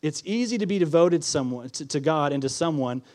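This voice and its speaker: A man with a slightly higher-than-usual voice preaches a sermon before his congregation. He is earnest and repeats key phrases, often asking the listeners questions as he teaches. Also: animated, fairly quick, a little mellow. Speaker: pastor.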